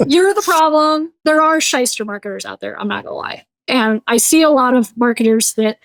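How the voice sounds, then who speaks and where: Brief: high-pitched woman guest, blunt and animated, slips into quoted voices, dry close sound. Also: moderate pace, dry recording. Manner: blunt, joking. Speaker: guest brand consultant. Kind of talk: casual interview talk.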